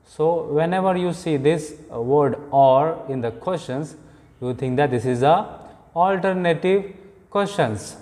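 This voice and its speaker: A man teaching an English grammar lesson, explaining slowly and deliberately with frequent fillers. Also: a little high, a little mellow. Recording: long hall reverb.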